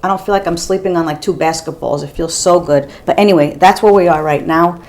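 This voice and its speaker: A woman's voice: on the low side, brisk, a little mellow. A woman in her fifties from the US East Coast, chatting bluntly while she does her makeup at home, with the odd swear word. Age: 50s. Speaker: beauty vlogger. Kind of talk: casual makeup tutorial chat.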